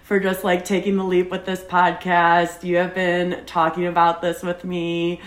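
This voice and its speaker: Young woman guest, slightly low voice, roomy echo, sweet and supportive. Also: monotone, measured pace. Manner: warm, supportive, affectionate. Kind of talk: casual podcast chat.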